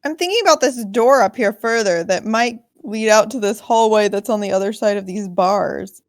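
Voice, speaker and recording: A woman's voice: medium pitch, normal speed. A woman playing in a tabletop game, thinking aloud about the next move in a casual way. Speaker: player.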